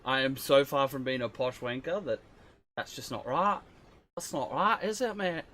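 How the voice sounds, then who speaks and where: A man's voice: mid-range voice, normal speed, sharp tone, a little hiss or hum. A young Australian man reacting to an album on a livestream, swearing freely and bantering with his chat. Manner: profane, bantering with chat, laughs often.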